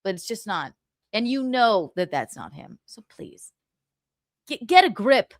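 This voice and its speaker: A woman's voice: mid-range voice, big pitch swings, a little slow, dry recording, studio quality. A woman hosting a gossip livestream, mocking and insulting with frequent laughs. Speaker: livestream host.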